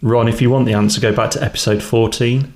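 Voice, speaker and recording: A man's voice: mid-range voice, steady tone, fast, a little mellow, reverberant. Dry, teasing man reading listener questions. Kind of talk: casual chat.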